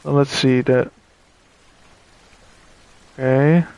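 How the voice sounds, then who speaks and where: A man streaming a puzzle game, thinking aloud with pauses and chatting to viewers, tired and yawning. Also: mid-range voice, fairly even intonation, vocal fry, a little mellow, clear, resonant tone, no echo. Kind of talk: casual let's-play commentary.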